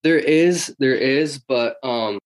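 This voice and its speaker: A man's voice: mid-range voice, takes it slowly, low-quality recording. A man talking casually about hunting history in an interview, rambling with many fillers and restarts. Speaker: hunting guest.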